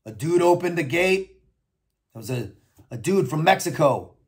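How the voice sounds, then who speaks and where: A man's voice: on the high side, expressive, moderate pace, breathy edge. An American man telling his own story in a blunt, profane and reflective way. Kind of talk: personal storytelling monologue.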